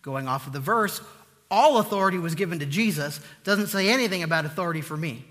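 A man preaching a sermon, earnest and emphatic, repeating key points with slow deliberate pauses. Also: on the high side, expressive, fairly bright tone, big-room sound.

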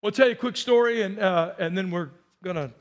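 A male pastor preaching a sermon, telling a story with animated delivery and a straining voice. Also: sits high, brisk. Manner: animated storytelling, voicing characters.

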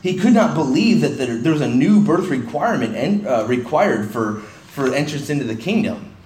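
A man's voice: fairly high pitch, big pitch swings, moderate pace, a little mellow. A man preaching an expository sermon in a church hall, talking conversationally with frequent restarts and voicing the people he quotes. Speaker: pastor. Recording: echoey room, faint hiss.

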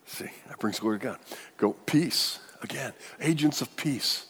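A man preaching a sermon as pastor in a church, animated and joking with the congregation. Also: mid-range voice, measured pace, a little hiss or hum. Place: church sanctuary. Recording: long church-hall reverb.

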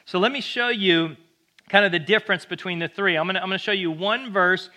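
Bright, high-voiced energetic male pastor. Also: brisk. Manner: energetic, conversational preaching with jokes. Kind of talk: sermon.

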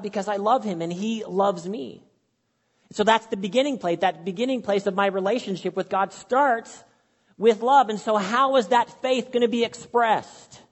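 A man preaching a sermon as pastor, earnest and conversational, repeating his key phrases for emphasis. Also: sits high. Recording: long hall reverb.

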